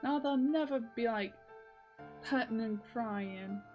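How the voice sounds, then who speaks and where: A woman talks through a casual video diary, her voice sitting a little high. She rambles, piles up fillers and breaks into laughs often, with soft music faintly underneath. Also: takes it slowly, lo-fi sound. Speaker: video diarist.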